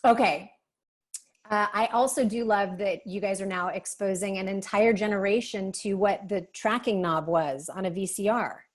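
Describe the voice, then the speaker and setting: A woman's voice: medium pitch, normal speed. Female interview host, upbeat and chatty, mid-range voice. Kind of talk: casual interview.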